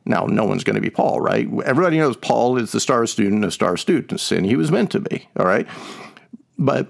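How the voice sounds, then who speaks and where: A man's voice: mid-range voice, animated, fairly quick, gravelly. A man co-hosting a Bible discussion podcast, talking conversationally and emphatically, with many fillers and musical analogies. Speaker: podcast co-host teaching on scripture.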